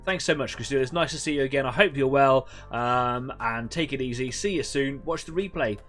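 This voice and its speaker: A man hosting a live painting stream, chatting in a relaxed, rambling way to viewers while he works. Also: mid-range voice, fairly quick, faint music behind. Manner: chatty, rambling, self-deprecating. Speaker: host of an online painting club stream. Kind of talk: casual live-stream chat.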